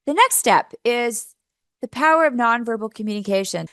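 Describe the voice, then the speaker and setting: A woman's voice: on the high side, animated, moderate pace, a bit bright, dry recording, studio quality. A woman presenting a professional development workshop in an upbeat, coaching way, asking her audience questions. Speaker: teacher trainer.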